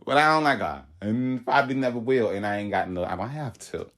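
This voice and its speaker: A young man telling a work story in a casual, animated way, swearing often and acting out what people said. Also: mid-range voice, brisk. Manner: animated, profane storytelling with acted quotes.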